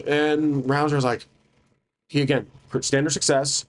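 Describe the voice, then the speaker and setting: A man's voice: a little high, normal speed. A man narrating a solo tabletop game, thinking aloud hesitantly with many restarts.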